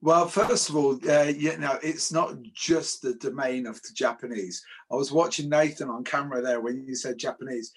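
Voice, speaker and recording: A man from England co-hosting a casual martial arts discussion, joking and animated. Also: mid-range voice, moderate pace, hardly any pauses, slightly rough. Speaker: martial arts show co-host.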